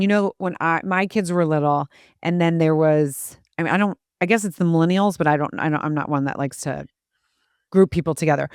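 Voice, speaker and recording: A woman's voice: lowish voice, a little mellow, dry recording, studio quality. A woman in her forties hosting a podcast, telling stories in a chatty way and acting out quotes with a laugh. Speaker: podcast host. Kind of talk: casual conversation.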